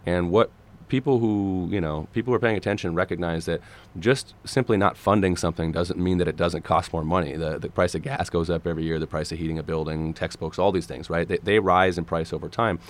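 A man in his thirties from Minnesota, speaking as a guest candidate on a radio interview, his voice gravelly and a little hoarse, earnest with many restarts. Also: low-pitched, steady tone, brisk. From Minnesota, USA. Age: 30s. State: gravelly, slightly hoarse today. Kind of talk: radio interview, policy talk.

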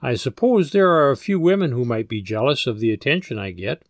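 A flirtatious middle-aged woman speaks in a coy, pitched-up voice, as a male narrator puts her on. She comes across as coquettish in a storybook reading. The sound is dry and close. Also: lively intonation, brisk, dry recording, lightly acted.

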